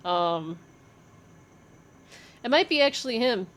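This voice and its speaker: A woman's voice: on the high side, animated, slow pace. A young woman giving a casual tarot reading, thinking aloud with fillers, swearing freely and laughing often. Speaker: tarot reader.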